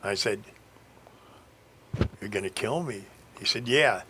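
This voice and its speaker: A middle-aged man spins a long, wandering story for a radio interview. His voice is bright and pressing, and he stops often to hunt for words with "uh" and restarts. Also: lowish voice, slow pace, slight background noise. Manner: meandering, hesitant, frequent fillers and restarts. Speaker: radio guest telling a life story. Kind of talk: rambling storytelling.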